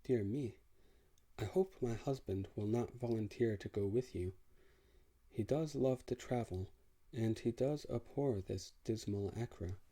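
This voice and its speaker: A man reading an audiobook, voicing a gracious princess of about thirty in a gentle, courteous manner. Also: lowish voice, a little slow.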